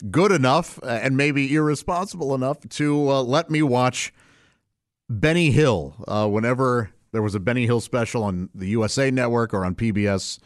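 A middle-aged man, a stand-up comedian, giving a casual interview answer in a laid-back, unhurried way and chuckling often. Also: medium pitch, dry recording, studio quality.

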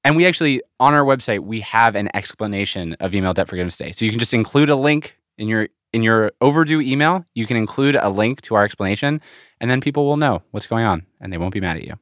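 A man's voice: lowish voice, lively intonation, fast, fairly bright tone, dry recording, studio quality. A man hosting a podcast, chatting casually with wry, playful banter. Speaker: podcast host. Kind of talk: casual chat.

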